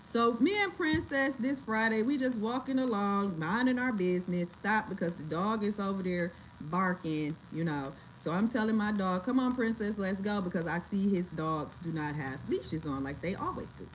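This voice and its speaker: Woman vlogger, animated storyteller with dramatic outbursts, faint noise behind. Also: medium pitch, moderate pace, hardly any pauses, rough recording. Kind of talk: casual storytelling to viewers.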